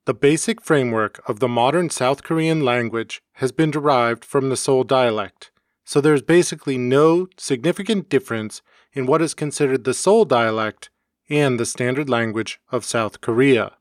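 A man narrating a scripted educational podcast in an even, read-aloud manner. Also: medium pitch, moderate pace, dry recording, clean studio sound. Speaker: podcast host. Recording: homemade podcast recording.

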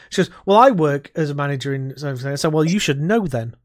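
Bloke on a podcast, kinda higher voice, blunt sweary stories. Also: male voice, animated, fairly quick, hardly any pauses. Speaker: podcast co-host. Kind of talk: casual chat.

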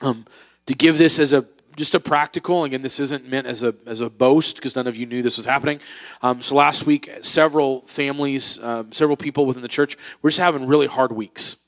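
A man's voice: medium pitch, fairly even intonation, fairly quick. Conversational male pastor preaching. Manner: conversational, with filler words and acted-out voices. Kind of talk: sermon. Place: church.

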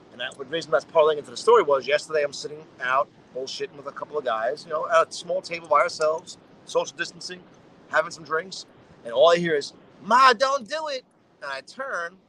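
A man's voice: fairly high pitch, a little hiss or hum, low-quality recording. A man telling profane anecdotes in casual chat, acting out the voices of people in his stories. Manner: animated, acts out voices in anecdotes.

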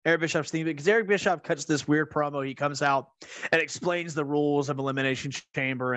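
Dude with a pretty high voice going off about wrestling, swearing a lot, dry close sound. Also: male voice, no room sound. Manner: animated, profane, jokey storytelling. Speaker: podcast co-host. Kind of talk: casual chat reviewing wrestling.

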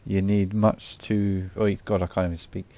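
A man's voice: deep voice, little pitch movement, moderate pace, dark tone, no echo. A man hosting a podcast, reading out quiz questions in casual chat, joking and stumbling over words. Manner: jokey, stumbles over words and laughs at himself.

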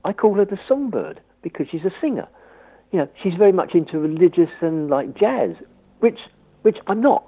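A man's voice: high-pitched, lively intonation, moderate pace, slightly rough. A man with a London accent chatting on the phone as a guest, joking about himself and laughing often. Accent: London English. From London, England. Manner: jokey and self-mocking, laughs often. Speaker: radio listener guest. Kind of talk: casual phone chat. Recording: tinny phone line.

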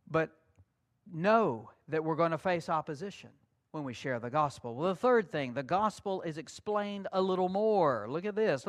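A man preaching a sermon as pastor, folksy and conversational. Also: high voice.

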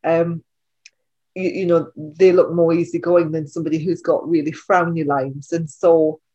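A woman with a Geordie accent chats on a podcast in her low alto, wandering through her thoughts with plenty of "um" and "you know". She is self-mocking and quick to laugh at herself. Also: flat delivery, dark tone, lo-fi sound. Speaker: podcast co-host. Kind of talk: casual chat.

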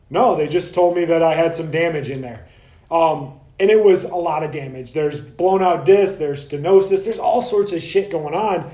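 Male podcaster, high mellow voice, heated profane rant, echoey room. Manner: heated, profane, mimics other practitioners in quick asides. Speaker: clinician ranting on a podcast.

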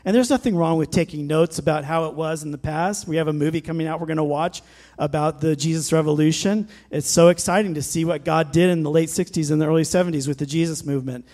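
A middle-aged pastor with a fairly high voice preaches a sermon at a quick pace. He is fervent and emphatic, growing louder on scripture and exhortations.

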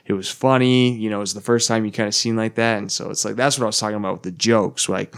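A man's voice: on the low side, steady tone, fast talker, gravelly. A man co-hosting a comics podcast in casual chat, hesitant, often repeating his words. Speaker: podcast co-host.

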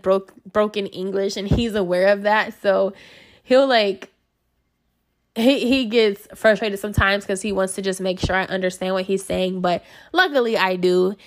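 A woman's voice: mid-range voice, moderate pace. A woman sharing a personal story in a casual, chatty way, full of fillers and self-corrections. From United States. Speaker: speaker sharing personal experience.

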